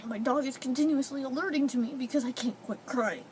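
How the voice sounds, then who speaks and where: A woman's voice: high-pitched, brisk, a little mellow, a little hiss or hum, poor audio. A young woman vlogging at home, crying and sniffling as she talks in a tearful, pleading way. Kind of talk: emotional personal vlog. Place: indoors at home.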